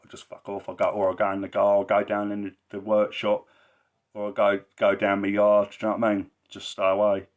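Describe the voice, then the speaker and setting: A man talking in a blunt, rambling way on a casual livestream, swearing a lot and repeating himself for emphasis. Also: on the low side. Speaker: livestreamer and social care campaigner.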